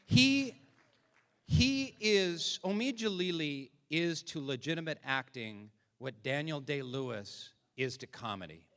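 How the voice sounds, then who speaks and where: A man hosting a live comedy show, introducing the acts with deadpan, joking hype. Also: fairly high pitch, a little slow. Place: large theatre stage. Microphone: stage microphone. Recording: live theatre hall reverb.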